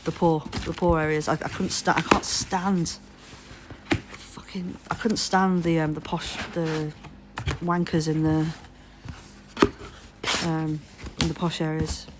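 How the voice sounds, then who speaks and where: A woman's voice: sits low, little pitch movement, slow, background noise. A woman from Leeds, England with a posh English accent, chatting on a live stream and telling rambling stories full of swearing. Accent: posh southern English. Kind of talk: casual chat.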